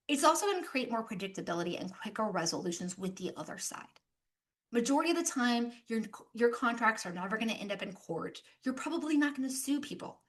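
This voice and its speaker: A young American woman giving an animated business presentation, mixing practical points with playful travel stories. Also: a little high. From United States. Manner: lively, animated storytelling with playful asides. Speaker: speaker at a business session. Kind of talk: presentation talk.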